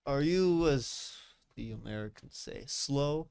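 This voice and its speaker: A man voicing a stern foreign government agent with a Russian accent, talking in a clipped, formal, deadpan way. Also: mid-range voice, slow pace, vocal fry, slight background noise. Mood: cold, blunt.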